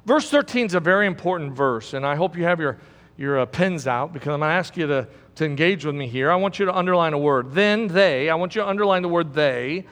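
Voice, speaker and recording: A man's voice: on the high side, lively intonation, fast talker, a bit bright, long reverb tail. A man preaching a sermon as pastor, emphatic and repeating key words for stress.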